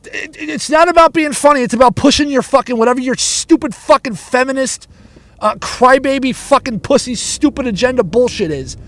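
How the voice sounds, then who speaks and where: A man doing stand-up rants angrily through a story, cursing constantly, tripping over his words and repeating himself. He has a very high, fairly bright voice and talks briskly, with no room sound at all.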